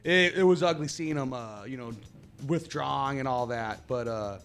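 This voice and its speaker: A man's voice: mid-range voice, moderate pace, a bit bright, clean tone, soft background music. A man co-hosting a casual interview, offering sympathetic remarks with many "yeah"s. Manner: sympathetic, brief agreeing remarks.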